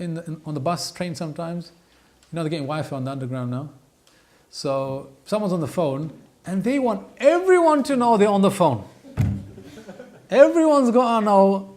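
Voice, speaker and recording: Man, religious teacher, lively lecture delivery, voices quotes, recites Arabic, slightly high voice. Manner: animated, mimics voices, recites Arabic verses. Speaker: Quran teacher. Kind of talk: lecture on Quranic advice.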